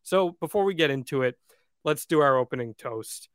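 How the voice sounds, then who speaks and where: A man's voice: on the high side, lively intonation, normal speed, clean tone, dry recording, clean studio sound. A man hosting a podcast in casual chat, upbeat and steering the talk. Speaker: podcast host.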